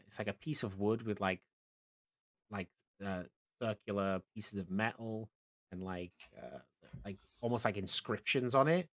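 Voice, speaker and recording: A man running a tabletop game as dungeon master, narrating in a halting way with many fillers and restarts. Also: on the low side.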